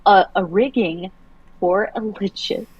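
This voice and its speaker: A woman's voice: mid-range voice, takes it slowly, husky, dry recording, highs cut off. A woman on a livestream, chatting casually and telling a long dream story with many restarts. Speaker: livestream co-host.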